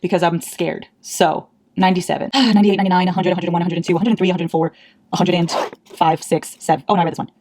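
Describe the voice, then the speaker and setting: A woman's voice: lowish voice, level tone, rapid-fire, a little mellow. A woman whose first language is Portuguese, chatting casually at home by her bookshelves and counting her books aloud with self-mocking asides. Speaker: book vlogger. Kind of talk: casual vlog.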